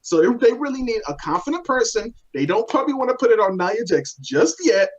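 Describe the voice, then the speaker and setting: A man's voice: extremely high pitch, animated, brisk, muffled recording. A man co-hosting a casual chat, ranting in an exasperated, profane way. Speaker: podcast co-host.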